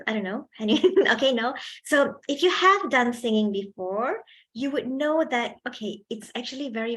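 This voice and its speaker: A young woman giving a chatty public speaking workshop to students, asking them questions and laughing often. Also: on the high side. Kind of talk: lively seminar talk to students.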